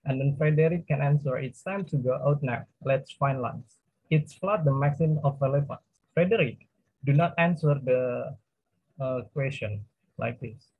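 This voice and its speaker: A young Indonesian-accented man presents to his class in a husky, breathy voice, pausing often on fillers and correcting himself as he goes. The sound is thin and phone-like, dry with no room around it. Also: mid-range voice, no room sound. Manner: halting, with many fillers and self-corrections. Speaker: student presenter. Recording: tinny phone-like dry recording.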